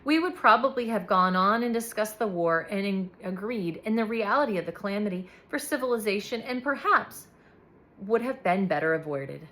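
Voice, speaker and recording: A woman narrating a literary audiobook in a measured, expressive way. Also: medium pitch, low-quality recording. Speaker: audiobook reader.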